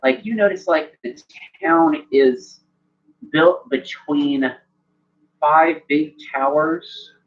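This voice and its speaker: A man's voice: a little high, drawn-out words. A man narrating a tabletop game as game master, rambling and full of "like" fillers. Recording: dull lo-fi sound, faint music.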